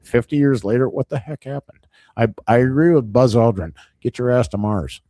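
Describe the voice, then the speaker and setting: A man's voice: medium pitch, normal speed, warm tone, no room sound, clean studio sound. An older man, a podcast guest, reminiscing in casual chat with emphatic asides.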